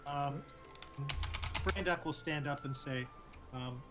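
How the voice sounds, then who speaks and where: A man playing his character in a tabletop game, speaking in a hesitant, measured way. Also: fairly high pitch, music in the background. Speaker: player. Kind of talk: casual tabletop play.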